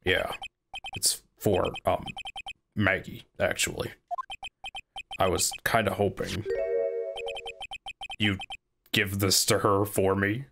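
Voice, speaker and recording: A man's voice: low-pitched, little pitch movement, slow, creaky, pauses often, full character voice. A man voicing a clumsy, earnest male detective who talks hesitantly, over game music. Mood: sheepish. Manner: hesitant, filler-heavy talk.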